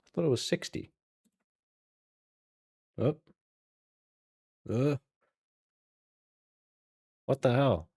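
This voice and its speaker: A man's voice: mid-range voice, expressive, extremely slow, pauses often, darkish tone, slightly rough. A man, casually chatting while playing a video game, rambling and self-deprecating with mumbled asides. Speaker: gaming channel host. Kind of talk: casual gameplay commentary. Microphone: desk mic with webcam.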